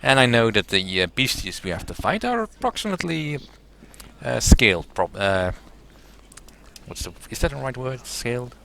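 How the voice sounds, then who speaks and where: A man's voice: medium pitch, big pitch swings, normal speed, gravelly, background noise. A man hosting a let's play, musing aloud about the game with hesitant fillers. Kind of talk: gameplay commentary.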